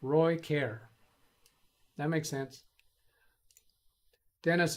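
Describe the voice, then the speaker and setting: A man's voice: mid-range voice, measured pace, pauses often. A man hosting a casual live stream, rambling as he reads chat messages aloud and answers them. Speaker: host of a live tech stream.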